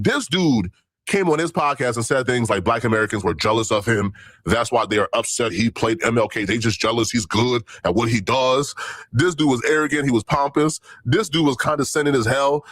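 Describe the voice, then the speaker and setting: A man's voice: medium pitch, fairly bright tone, no echo. A man hosting a news commentary show, talking emphatically and repeating himself when indignant. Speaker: host.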